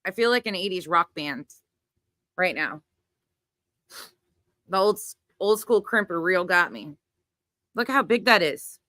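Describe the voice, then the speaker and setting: A woman's voice: lowish voice, lively intonation, a little slow, long pauses, pushed and bright, no echo, clean studio sound. A middle-aged woman with a Southern US accent, chatting casually on a livestream and reading out viewer comments, laughing often and swearing now and then. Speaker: livestream host.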